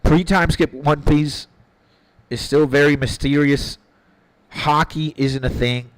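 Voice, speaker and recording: Chatting casually with viewers while streaming a game, this man is opinionated, swears freely, and often repeats himself as he gathers his thoughts. His voice is fairly high and steady, he takes his time, and the recording is rough with no room sound.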